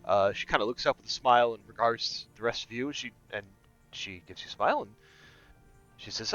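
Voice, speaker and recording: A man's voice: mid-range voice, brisk, a bit bright, no echo, soft background music. A man narrating a tabletop game as game master, rambling with many fillers. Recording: dull lo-fi recording.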